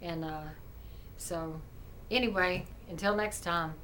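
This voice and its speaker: A woman's voice: lowish voice, steady tone, takes it slowly, fairly bright tone, a little hiss or hum, rough recording. A middle-aged woman, telling a neighbor story in a chatty, indignant vlog rant. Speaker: vlogger.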